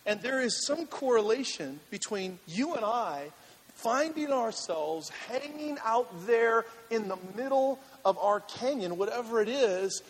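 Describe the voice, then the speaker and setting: A male pastor telling a funny personal story in a sermon, animated and laughing, then turning earnest. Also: sits high, slightly rough. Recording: reverberant hall with faint ambience.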